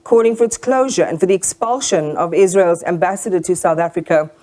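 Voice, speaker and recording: A woman anchor reading a news report in a measured, formal way. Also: on the low side, warm tone.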